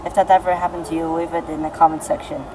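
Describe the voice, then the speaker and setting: A woman's voice: low voice, little pitch movement, fast, background noise. A woman vlogging casually while travelling, talking straight to her viewers with many fillers. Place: airport and airplane. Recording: loud music over the voice.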